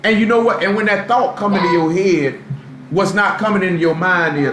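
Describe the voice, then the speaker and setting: A man's voice: high-pitched, fast talker. A man preaching a live sermon in a loose, street-style way, full of rhetorical questions. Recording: echoey room, faint background noise, live stream.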